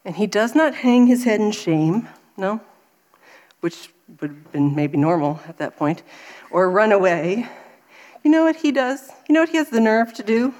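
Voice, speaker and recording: A woman in her thirties giving a faith talk, telling a personal story with animated delivery and acting out her own frustration. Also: medium pitch, normal speed.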